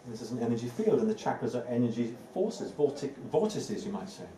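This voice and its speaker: A man with a mellow, warm voice giving a spiritual talk to a live group, earnest and repeating key words for weight. He is picked up from a distance in an echoey room. A faint hum of ambient noise sits underneath. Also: mid-range voice, big pitch swings, fairly quick. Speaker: spiritual teacher. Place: indoor room with a live audience.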